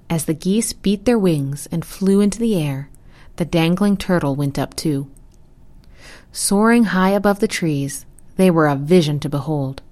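Brief: woman storyteller, lower voice, calm and soft-spoken narration. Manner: calm, quiet and measured. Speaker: story reader.

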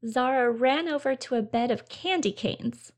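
A woman narrating a children's story in a gentle, clear storybook reading. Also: sits high, normal speed.

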